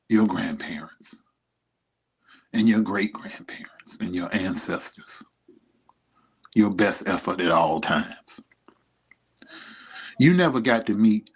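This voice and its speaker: A man's voice: deep voice, breathy edge. A middle-aged man giving an emotional, rambling message to his son, speaking tenderly and proudly. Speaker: vlogger. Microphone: streaming setup.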